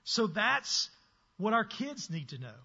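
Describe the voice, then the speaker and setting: Bright-voiced man speaking in a reverberant church. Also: sits high, sing-song, slow pace, gravelly, husky. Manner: earnest, emphatic, asks the room for agreement. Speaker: preschool ministry leader. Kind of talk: church presentation to a congregation. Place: church sanctuary. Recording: dull sound with long hall reverb.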